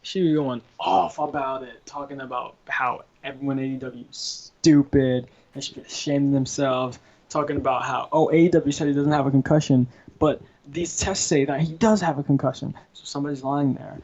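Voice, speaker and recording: A man co-hosting a wrestling podcast, talking excitedly and spinning gossipy theories in a casual chat. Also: mid-range voice, a little fast, dry recording, muffled recording. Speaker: podcast co-host.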